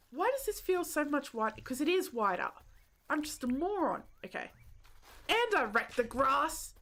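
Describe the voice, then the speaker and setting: A slow-talking woman with a fairly high voice, chatting through a relaxed game stream. She laughs easily and pokes fun at herself as she plays. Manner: self-deprecating, giggly, chats with viewers. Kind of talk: casual live-stream chat while playing.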